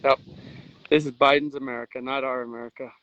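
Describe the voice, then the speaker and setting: A man's voice: medium pitch, fairly even intonation, quick pace, fairly bright tone, no echo, lo-fi sound. An exhausted man livestreaming outdoors by a river, talking in an urgent, earnest, rambling way with restarts. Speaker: livestream host, veteran volunteer. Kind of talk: emotional outdoor livestream commentary. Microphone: phone livestream.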